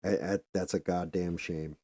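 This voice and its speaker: A middle-aged man talks in a loose, profane, rambling way, restarting his sentences as he tells a story. His voice sits very low and dark. The sound is dry and close, with no room around it. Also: flat delivery, normal speed, dry recording. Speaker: podcast host. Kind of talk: casual monologue.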